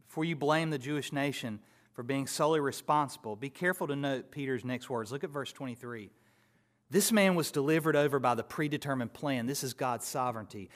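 A man preaching a sermon, expounding scripture and building to loud, emphatic contrasts before dropping back down. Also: mid-range voice.

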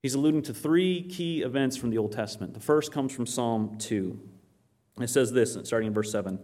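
Here the preacher has a mid-range voice and talks at a normal speed. It's a sermon built on animated storytelling, where he reads passages of scripture aloud and asks his listeners questions before supplying the answers.

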